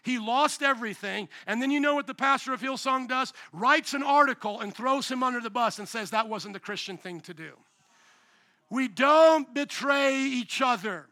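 A man preaching a sermon in a high, very bright and forceful voice. He talks emphatically and conversationally and keeps throwing questions at the congregation. The sound is dry and close. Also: fairly quick, few pauses, dry recording. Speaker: pastor.

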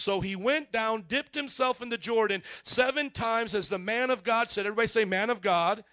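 A man preaching a sermon with a high, bright voice, reading scripture and breaking into casual asides. He calls on the congregation to repeat key words back to him. The sound is dry and close. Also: normal speed, few pauses, clear, resonant tone, dry recording. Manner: energetic call-and-response, casual asides.

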